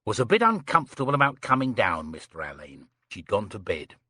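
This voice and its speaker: Genial steady police sergeant, plain talk, animated husky voice man reading him. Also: on the low side, fairly quick, dry recording, studio quality, pitched below the performer's own voice, exaggerated voice.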